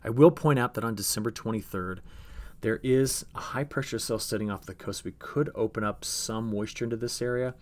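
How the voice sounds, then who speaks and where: A man's voice: lowish voice, fairly quick. A man giving a chatty agricultural weather briefing over forecast maps, talking straight to viewers and often restarting his phrases.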